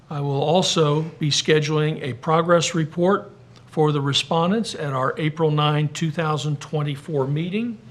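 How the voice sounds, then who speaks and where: Measured man handing down a ruling. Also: fairly high pitch, slight background noise. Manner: measured, formal, matter-of-fact. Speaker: special magistrate. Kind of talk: issuing a ruling at a hearing. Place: hearing room.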